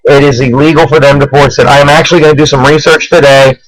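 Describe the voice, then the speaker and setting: A man's voice: mid-range voice, fairly even intonation, fast, poor audio. A man from New Jersey hosting his own web show, delivering an urgent, pleading political rant and begging viewers to act. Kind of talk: impassioned political vlog rant.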